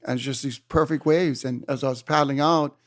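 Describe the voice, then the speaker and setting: A man in his seventies from Hawaii, an interview guest telling surf stories in an animated way and acting out his own exclamations. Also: mid-range voice, brisk, no room sound, clean studio sound. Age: 70s. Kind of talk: storytelling in a conversation. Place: room.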